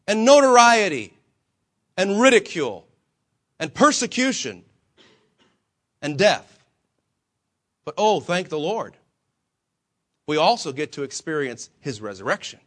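Preaching a sermon, a pastor uses a voice that sits high and sounds a bit bright. He talks to fellow believers with swinging emphasis and rhetorical questions, acting out both his own quoted words and the Lord's.

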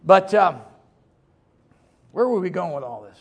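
Middle-aged pastor guy, gravelly husky voice, folksy joking sermon, loud then quiet asides. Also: high-pitched, very animated, unhurried.

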